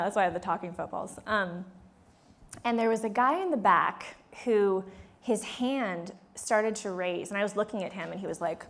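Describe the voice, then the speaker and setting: A woman's voice: mid-range voice, a little fast, slight background noise. A woman in her thirties leading a live workshop. She tells a story in a chatty way, acts out the dialogue, laughs often and speaks straight to the room. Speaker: workshop leader. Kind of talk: live workshop talk to an audience. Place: conference room before a live audience.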